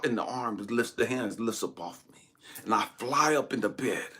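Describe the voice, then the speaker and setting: A man giving a dramatic personal testimony as a spiritual talk host, swinging from hushed whispers to near-shouts. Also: mid-range voice, moderate pace, husky.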